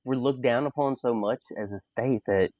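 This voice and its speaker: A young Southern man with a Mississippi accent, hosting a podcast in relaxed conversation. He talks with emphatic, animated energy and leans on "like" as a filler. The recording is dry and a little dull. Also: medium pitch, normal speed, dry recording. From Mississippi, USA. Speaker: podcast host. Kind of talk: casual podcast chat.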